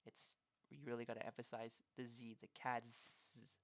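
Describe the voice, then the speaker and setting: A man's voice: mid-range voice, flat delivery, a little fast. A man presenting a phonics lesson plan in a casual, explanatory way, with frequent ums, over a screen recording.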